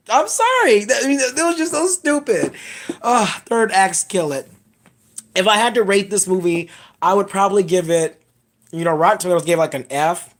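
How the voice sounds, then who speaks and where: A woman giving a casual spoiler review of a film, blunt, profane and rambling as she retells scenes. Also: on the low side. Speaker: movie reviewer.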